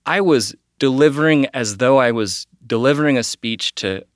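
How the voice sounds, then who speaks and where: A man's voice: medium pitch, moderate pace, no room sound, studio quality. A man author talking in an earnest, reflective way. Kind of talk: casual talk.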